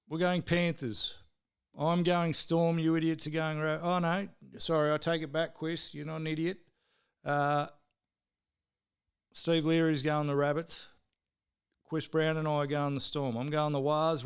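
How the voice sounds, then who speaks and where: Swearing, teasing Australian man, smooth voice. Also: on the high side. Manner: swears freely, teases viewers and mates in the chat. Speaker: live-stream host. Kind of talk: casual live-stream footy tipping chat.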